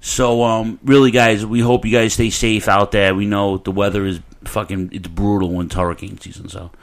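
A man, hosting a casual podcast chat in a rambling, profane, animated way. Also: fairly low pitch, moderate pace. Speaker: podcast host.

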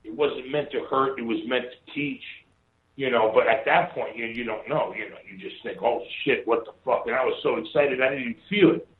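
Through a tinny, echoey, phone-like recording, a man from Hawaii who used to wrestle tells loose, meandering stories full of swearing. His voice is medium in pitch and fairly quick.

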